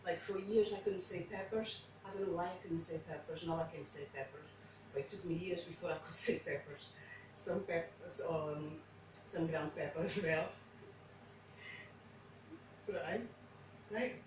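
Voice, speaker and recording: A woman's voice: lowish voice, fairly even intonation, measured pace, pauses often. Woman, non-native English, casual cooking demo, rambling, echoey, distant mic, noisy background. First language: not English. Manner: chatty, rambling, frequent restarts. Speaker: home cook. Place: home kitchen.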